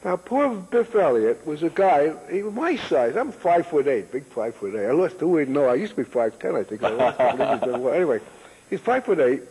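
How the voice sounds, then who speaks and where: A man in his eighties spins loose, joking stories in a high, gravelly voice that swings widely in pitch. His tone is very husky. The room behind him rings with a long echo. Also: sing-song, fairly quick, a little mellow. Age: 80s. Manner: rambling, joking storyteller who laughs often. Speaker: interview guest, author. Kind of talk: casual chat. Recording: long echoing reverb.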